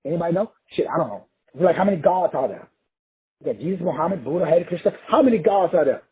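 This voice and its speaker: A man's voice: on the high side, expressive, fast talker, slightly rough. A man from Texas giving a profane, emphatic motivational monologue, repeating phrases for effect. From Texas, USA. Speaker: motivational speaker. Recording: tinny phone-like audio.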